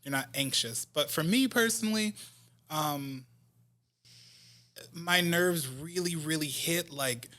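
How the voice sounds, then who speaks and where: An R&B singer from New Jersey, a guest in a casual interview, tells stories animatedly and laughs often. He speaks slowly in a fairly high voice, pausing frequently.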